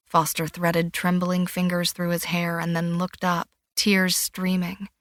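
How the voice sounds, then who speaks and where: Woman, audiobook narrator, low voice, even measured reading, dry studio sound. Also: dry recording. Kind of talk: scripted thriller narration.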